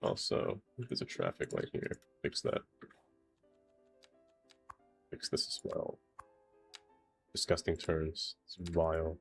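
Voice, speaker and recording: A man's voice: very deep voice, huge pitch swings, a little slow, creaky, faint music behind. A man streaming a city-building game, chatting casually and joking to himself as he plays. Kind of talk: casual gameplay commentary.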